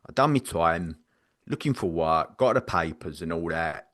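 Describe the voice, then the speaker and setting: A man's voice: low voice, animated, moderate pace, fairly bright tone, voice pushed down. A man voicing a tough ex-con who bluntly asks for work on a prank call.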